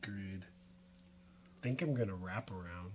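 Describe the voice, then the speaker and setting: A man taking his turn in a board game, hesitating and counting spaces aloud. He talks very slowly, with clear background noise under the recording. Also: sits low, darkish tone. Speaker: player. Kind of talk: casual board game play.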